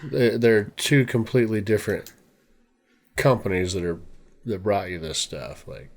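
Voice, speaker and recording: Easygoing low-voiced man on a podcast. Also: normal speed. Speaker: podcast co-host. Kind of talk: casual chat.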